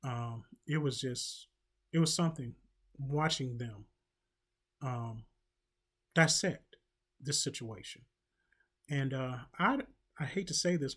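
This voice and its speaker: A man hosting his own commentary channel, talking in a casual monologue with many filler ums, slow halting phrasing and wry joking asides. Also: mid-range voice.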